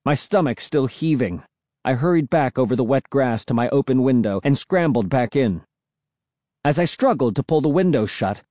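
Expressive male storybook narrator. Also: mid-range voice, dry recording, studio quality. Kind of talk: audiobook narration.

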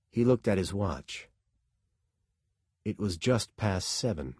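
Brief: male audiobook narrator, slow and husky, lively melody. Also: on the low side, no room sound, studio quality. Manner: measured, expressive reading. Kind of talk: scripted narration.

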